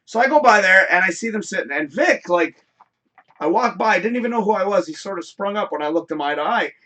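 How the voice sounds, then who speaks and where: High, bright-voiced man telling a rambling story. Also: fairly quick. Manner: rambling, animated, swears freely. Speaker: show host. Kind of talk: casual storytelling on a live show.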